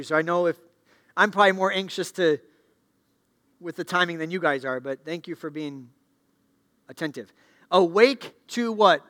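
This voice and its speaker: High-voiced middle-aged man preaching. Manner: call-and-response questions to the congregation, swinging from loud to hushed. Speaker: pastor. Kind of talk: sermon. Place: church sanctuary.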